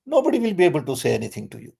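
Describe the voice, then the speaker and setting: An older man, speaking as a guest in a conversational Q&A. He talks emphatically and insistently, stressing points with sudden jumps in pitch. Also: wildly swooping pitch, racing, vocal fry, mellow, breathy edge.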